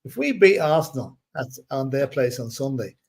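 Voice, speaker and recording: Measured, agreeable male co-host. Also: medium pitch, expressive, darkish tone, husky. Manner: measured, agreeable, halting restarts. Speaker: co-host of a fan channel show. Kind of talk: casual fan chat.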